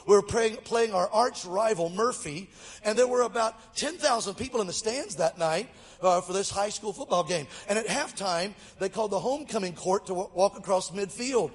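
His voice sits high and sounds slightly rough, at a normal speed. A middle-aged guest speaker from Mobile, Alabama, US, he tells a funny sermon story, lively and joking with listeners. The recording carries the long reverb of a large hall.

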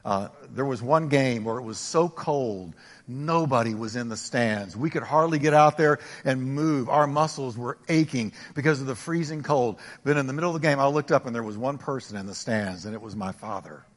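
An older male pastor delivering a sermon, swinging between emphatic raised exclamations and quiet, intimate asides. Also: mid-range voice, moderate pace, big-room sound. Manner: preaching with rising emphatic exclamations.

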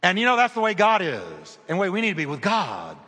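A man preaching a sermon as an animated storytelling pastor who repeats phrases for emphasis, in a reverberant hall. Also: high voice, quick pace, a little hiss or hum.

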